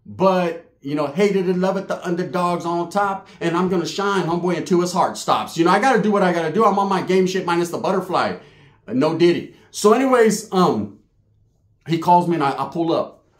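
Streetwise man telling a profane story. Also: on the high side. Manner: profane, streetwise, acts out voices. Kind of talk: comedic storytelling monologue. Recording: echoey room.

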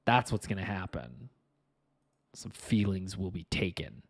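A man's voice: deep voice, big pitch swings, a little slow, vocal fry, slightly rough. A man chatting casually to viewers on a live stream as he fixes his game setup, frustrated and self-mocking, muttering to himself.

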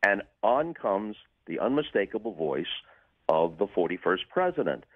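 An older broadcaster telling dry, wry anecdotes with deadpan punchlines as a radio show guest. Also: male voice, on the low side, normal speed, slightly rough, no room sound, phone-quality sound. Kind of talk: storytelling in a radio interview.

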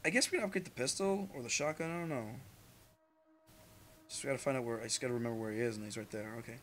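A young man giving casual, rambling gameplay commentary as a channel host, swearing freely and jumping into loud outbursts. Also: mid-range voice, fast talker, soft background music.

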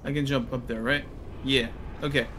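A young man playing a co-op game as a stream guest, excitable and quick to yelp and shout in panic. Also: medium pitch, a little hiss or hum. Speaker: co-op guest player. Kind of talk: casual gaming chat.

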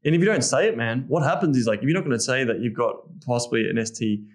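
A man's voice: mid-range voice, fast talker. A man with an Australian accent, a guest coach talking frankly on a podcast, swearing freely and acting out the lines he would say. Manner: blunt and heavily profane, acts out lines he would say. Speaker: guest, dating and sex coach. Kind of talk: candid podcast conversation.

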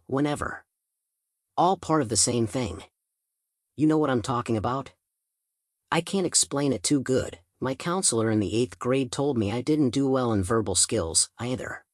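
A man narrates an audiobook in the first person, relaxed and chatty like a teenager telling a story. His voice sits in a middle range, and the recording is dry and close, with no room echo. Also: medium pitch, moderate pace. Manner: casual teen-style storytelling.

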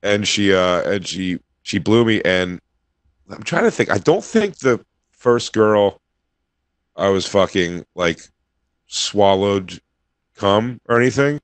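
A man's voice: on the low side, animated, slow pace, long pauses, no room sound. A man co-hosting a podcast, laid back and crude, laughing into his own stories in casual banter. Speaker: podcast co-host.

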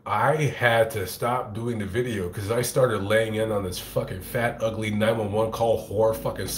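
A man hosting his own livestream, chatting casually and profanely with many halting restarts, on a phone mic. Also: fairly low pitch, fairly bright tone, a little hiss or hum. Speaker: channel host on a livestream. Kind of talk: casual rambling livestream chat. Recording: echoey room.

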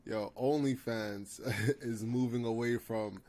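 A man's voice: mid-range voice, steady tone, slow pace, dark tone. A man co-hosting a podcast in laid-back, slangy casual chat, asking his co-host questions.

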